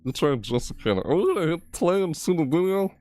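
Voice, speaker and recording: A gaming video creator reacts to a game trailer with startled yelps and exclamations, swearing mildly with words like "frick" and "what the heck." His voice is a little high and dark in tone, fairly quick, with lively intonation, and faint trailer music plays underneath.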